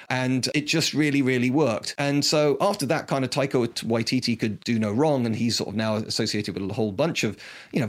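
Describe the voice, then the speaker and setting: Give me an enthusiastic man reviewing films in a casual, rambling way. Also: medium pitch. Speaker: film reviewer. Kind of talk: casual film talk.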